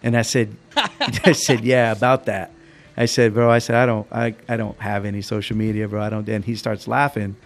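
A young man with a lowish voice hosts a casual podcast chat. He tells stories in a relaxed, rambling way, full of fillers. His voice cracks here and there. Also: moderate pace. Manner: laid-back, storytelling with lots of fillers. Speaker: podcast host.

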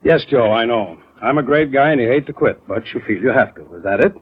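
An actor playing a sardonic, persuasive insurance company owner in a 1940s radio drama. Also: male voice, medium pitch, expressive, fairly quick, a little hiss or hum, lightly acted. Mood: firm. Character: Mister Evans, insurance company owner, sharp-tongued boss. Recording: dull old radio recording.

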